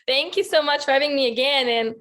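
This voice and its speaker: A woman life coach from Quebec, chatting on a video call interview, bubbly and laughing often, her voice a little husky today. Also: sits high, fairly quick, a bit bright. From Quebec, Canada. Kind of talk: casual interview chat.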